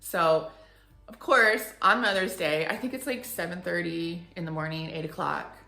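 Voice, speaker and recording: A woman in her forties telling a story in a casual, animated way and acting out the people she quotes. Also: fairly low pitch, moderate pace, vocal fry, reverberant, faint music behind. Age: 40s. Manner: animated, acts out quoted voices. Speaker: furniture flipping vlogger.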